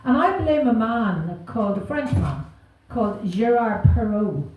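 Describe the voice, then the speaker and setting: An Irish woman works through a stand-up set in a very echoey club, her slightly high voice carrying from a little way off the mic. She is self-deprecating and wry, chuckling through her punchlines. A faint hum of the room sits behind her. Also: lively intonation, a little slow, a little mellow, distant mic. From Ireland. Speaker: stand-up comedian. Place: comedy club stage.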